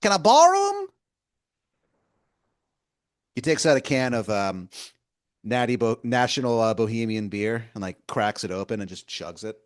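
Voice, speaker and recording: A man's voice: fairly low pitch, normal speed. A man narrating an improvised tabletop story as game master, rambling with lots of filler words.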